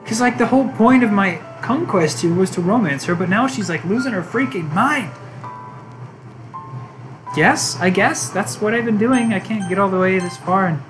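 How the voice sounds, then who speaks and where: A woman's voice: mid-range voice, animated, normal speed, faint music behind, poor audio. A woman commentating on her own gameplay, reacting with flustered exclamations. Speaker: gamer. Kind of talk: let's-play commentary.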